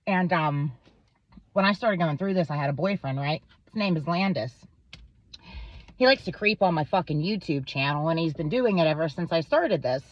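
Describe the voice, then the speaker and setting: A woman's voice: deep voice, expressive, moderate pace, no echo, muffled recording. A woman vlogger in a rambling, profane monologue to camera, full of fillers. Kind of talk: casual ranting monologue to camera.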